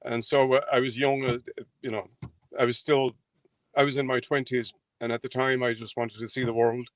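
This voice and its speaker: A man in his sixties with an Irish accent from County Clare, a carpenter and guest chatting in an interview, relaxed and rambling with hesitant fillers. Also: medium pitch, normal speed, dry recording, low-quality recording. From Ireland. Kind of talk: casual interview chat.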